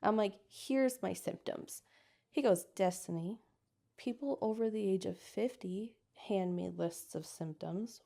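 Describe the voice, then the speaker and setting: A woman in her thirties from the United States tells a personal story as an interview guest, speaking at a measured pace in a mid-range voice with vocal fry. She's a lively storyteller who acts out the voices of the people she quotes.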